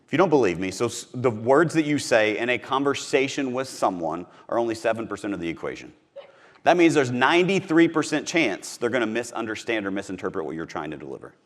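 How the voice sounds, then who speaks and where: A man's voice: mid-range voice, sing-song, fast talker. A middle-aged man from Missouri giving a punchy, emphatic motivational talk on sales, repeating his key phrases. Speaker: podcast host teaching sales.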